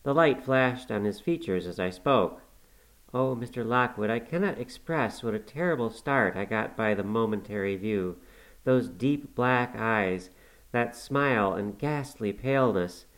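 A man narrating a classic novel aloud in a measured, unhurried storytelling manner. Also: mid-range voice, expressive, fairly bright tone, poor audio. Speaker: audiobook narrator.

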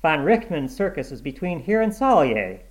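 A man's voice: a little high, big pitch swings, normal speed, voice pushed up. A man reading aloud and voicing an anxious army sergeant who speaks urgently and deferentially.

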